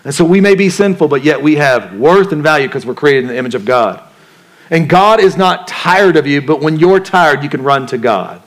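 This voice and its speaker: Animated and on the high side, this man's voice moves at a moderate pace as he delivers a sermon. The pastor keeps it conversational, putting questions to the crowd and voicing the thoughts people hear inside their heads.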